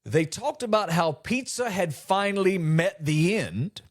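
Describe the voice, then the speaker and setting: A middle-aged man hosting a comedy podcast, delivering an animated monologue and acting out quotes with mock disbelief. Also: high voice, a little slow.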